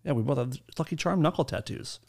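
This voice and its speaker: A man's voice: a little high, quick pace, gravelly, a little mellow. A man hosting a podcast in casual banter, joking and crude with his guests. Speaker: podcast host.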